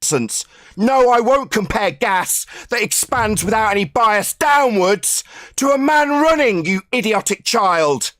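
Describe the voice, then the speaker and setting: A man with a very high voice argues in a heated online debate. He hurls insults and repeats his jeers. The sound is dry and close. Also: expressive, unhurried, fairly bright tone, dry recording.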